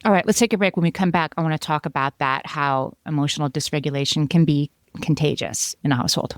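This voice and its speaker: A woman with a lowish voice co-hosts a parenting podcast, talking casually through definitions and now and then acting out heated quotes. She is recorded on a close mic in a dry, dead room. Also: quick pace, few pauses, dry recording. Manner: explains from notes, acts out quoted outbursts. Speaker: podcast co-host.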